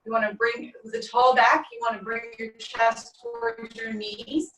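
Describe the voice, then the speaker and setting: A woman's voice: fairly high pitch, a little slow. Woman leading stretches, distant and echoey. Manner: calm step-by-step cueing. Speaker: stretching instructor. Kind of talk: guided stretching class. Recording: echoey room, distant mic, faint music.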